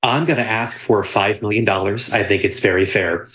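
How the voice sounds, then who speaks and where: A man's voice: on the low side, moderate pace, fairly bright tone, rough recording. Earnest man as a talk show guest. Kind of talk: casual interview.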